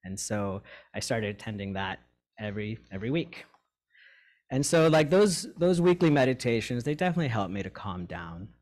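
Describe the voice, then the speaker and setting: A man in recovery sharing a personal story with his meditation group, candid and halting, full of fillers and restarts. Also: on the low side, very animated, darkish tone. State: tearing up.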